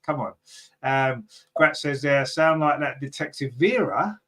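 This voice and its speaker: The podcast host speaks a little slowly as he chats aimlessly on his fan show, going through viewer comments. Fillers pile up, and his pitch leaps suddenly whenever excitement hits.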